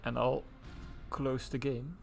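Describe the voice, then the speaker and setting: A man's voice: mid-range voice, fairly even intonation, slow, creaky, soft background music. Casual male race commentator. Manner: casual, chatty, breaks into laughs. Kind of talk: live sim-racing commentary.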